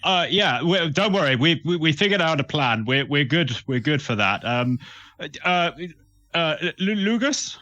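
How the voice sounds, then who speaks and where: A man's voice: fairly high pitch, lively intonation, moderate pace, bright, forceful tone, lo-fi sound. A man voicing a bashful male woodsman hero who stammers nervously through a speech to a crowd. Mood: flustered.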